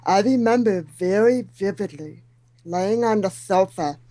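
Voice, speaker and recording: A middle-aged woman guest whose speech is shaped by hearing loss, with high sounds softened or missing, telling her story with self-deprecating humor. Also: measured pace, no echo, poor audio. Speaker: guest speaker. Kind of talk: talk show interview.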